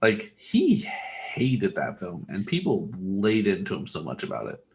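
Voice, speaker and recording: A man's voice: deep voice, wildly swooping pitch, measured pace, vocal fry, darkish tone. A man co-hosting a podcast, telling long rambling stories in casual chat and swearing freely. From Texas. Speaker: podcast co-host.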